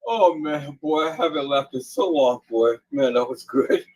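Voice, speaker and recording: Husky, high-voiced laughing man. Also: unhurried, no echo, low-quality recording. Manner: laughs often and hard, rambling animated storytelling. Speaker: live-stream host. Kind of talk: casual chat on a live stream.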